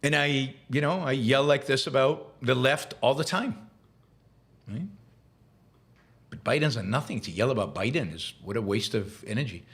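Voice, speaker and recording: This mid-range, expressive, slightly bright male voice moves at normal speed as he hosts a live show and answers viewer questions opinionatedly. He is emphatic, climbing into heated rants, and full of fillers and repetitions when he pauses to reflect.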